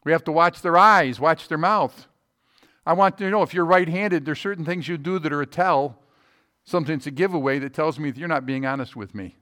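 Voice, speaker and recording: Brief: male pastor, slightly raised pitch, folksy talk-to-the-pews sermon with loud stresses and hushed asides. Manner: folksy, asks the room rhetorical questions; swings between loud emphasis and quiet low asides. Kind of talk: conversational sermon.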